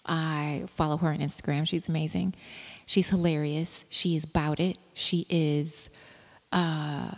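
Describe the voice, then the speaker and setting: Low gravelly woman rambling about homebrew, lots of ums, long echo. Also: flat delivery, unhurried. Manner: rambling, chatty, with many fillers and restarts. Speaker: home brewer. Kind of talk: casual vlog chat.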